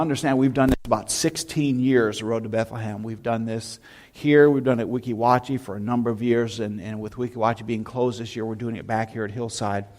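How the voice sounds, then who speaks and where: A man, a pastor, preaching in a church and telling lively anecdotes in a casual sermon style. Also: mid-range voice. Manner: storytelling, animated anecdotes with shouted imitations. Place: church sanctuary.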